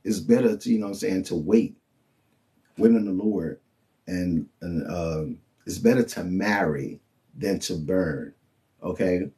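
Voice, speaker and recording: An unhurried preacher gives an informal, conversational sermon in a mellow, relaxed tone. He speaks loosely and keeps checking in with his audience, and his voice leaps high whenever he quotes someone.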